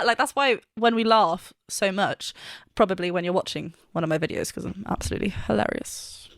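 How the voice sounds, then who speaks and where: A woman's voice: medium pitch, brisk, creaky, a bit bright, no echo, studio quality. A woman vocal coach teaching singing in a casual, giggly way, often breaking into laughter and self-mocking asides. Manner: giggly, self-mocking, demonstrates with sung notes.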